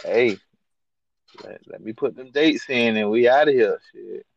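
A man's voice: medium pitch, a little slow, gravelly. A man chatting casually on a podcast, laid-back and joking about himself, with a slightly dull lo-fi sound. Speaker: podcast co-host or guest.

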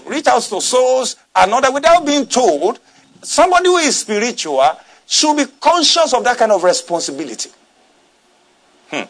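A man's voice: very high voice, a bit bright. A man preaching a sermon as pastor, emphatic, repeating lines and calling on the congregation to respond.

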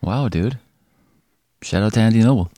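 This podcast co-host has a lowish, warm voice and talks at normal speed, with no room sound. He tells a story in casual conversation, rambling, laughing often and swearing freely.

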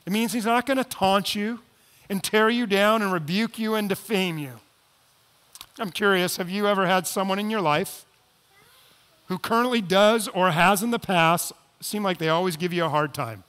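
Guy with a high voice preaching, goes quiet then gets loud and pleading, big hall echo. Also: moderate pace, smooth. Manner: swings from quiet asides to loud emphatic pleading. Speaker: pastor. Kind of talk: sermon. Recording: long hall reverb.

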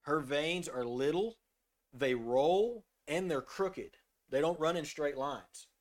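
A man's voice: fairly high pitch, slow pace. A middle-aged man in a casual faith discussion, telling a personal story in an earnest way and now and then reading scripture aloud. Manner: earnest, storytelling, drops to a soft voice when quoting himself.

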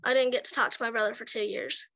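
A young woman chats casually in a high, bright voice, telling rambling stories and giggling between lines. She acts out what people said as she goes. The sound is dry and close. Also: fairly even intonation, quick pace, dry recording. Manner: giggly, rambling storyteller who acts out quotes. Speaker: chat partner. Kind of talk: casual chat.

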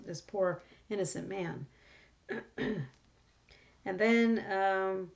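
A woman's voice: mid-range voice, creaky, a little mellow. A woman talking through a Bible passage in a casual, rambling way, full of fillers and restarts. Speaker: Bible study speaker. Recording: dull lo-fi recording.

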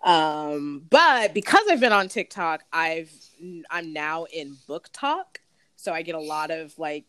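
A woman's voice: low voice, expressive, takes it slowly, fairly bright tone, clear, resonant tone, no echo. A woman co-hosting a casual podcast chat, slangy and talkative, laughing often. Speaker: podcast co-host.

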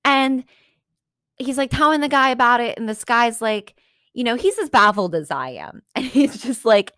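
A young adult woman hosting a podcast, telling a story in a casual, animated way with sarcastic, swearing asides. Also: a little high, normal speed, no room sound, studio quality. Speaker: podcast host.

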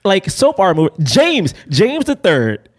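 A young man co-hosting a casual film-review podcast, talking in an emphatic, animated way with casual swearing. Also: sits high, measured pace. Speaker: podcast co-host.

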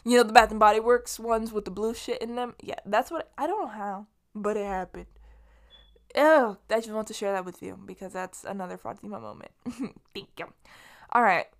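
A woman's voice: mid-range voice, moderate pace. Young woman from LA rambling solo on her podcast, swears a lot, keeps restarting her sentences. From Los Angeles. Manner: rambling, chatty, swears freely, many restarts. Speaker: podcast host. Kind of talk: casual solo monologue.

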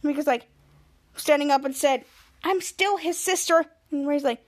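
High-voiced excited podcast host. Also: female voice, normal speed. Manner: excited, acts out characters' lines while retelling. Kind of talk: casual episode recap.

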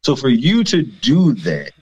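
A man's voice: mid-range voice, huge pitch swings, measured pace, slightly rough, lo-fi sound. A man co-hosting a podcast in a loose, profane casual chat, laughing often as he talks.

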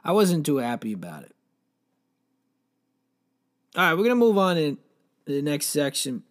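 A man's voice: on the high side, moderate pace. A young man rambling through a comic monologue, full of fillers and restarts, telling silly made-up stories with mock seriousness. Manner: meandering, filler-heavy, deadpan mock storytelling.

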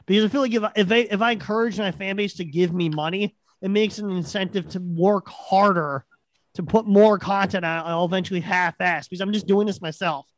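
A man's voice: high voice, a little fast, dry recording. A man hosting a casual podcast chat, easygoing and agreeable. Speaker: podcast host.

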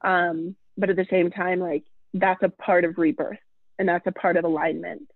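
A woman's voice: lowish voice, flat delivery, normal speed, no echo. A woman co-hosting a casual astrology chat, talking loosely with many fillers. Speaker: podcast co-host. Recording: tinny phone-like line.

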